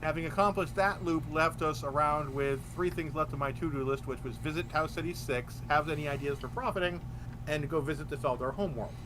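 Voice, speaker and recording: A man's voice: a little high, brisk, background noise. A man playing in a tabletop game, laying out plans at length with frequent restarts. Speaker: player. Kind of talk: casual chat during a tabletop game.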